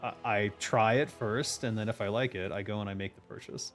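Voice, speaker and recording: A man's voice: lowish voice, steady tone, fairly quick, soft background music. A man hosting a casual stream chat as a game designer, ranting emphatically with lots of swearing.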